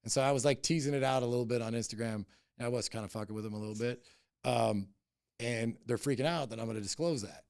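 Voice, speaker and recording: Middle-aged man, podcast guest: gravelly, rapid-fire, blunt and profane, telling it heated. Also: mid-range voice, a little mellow, no echo, clean studio sound. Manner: blunt, heavy swearing, heated. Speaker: cannabis company CEO, podcast guest. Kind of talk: casual interview storytelling.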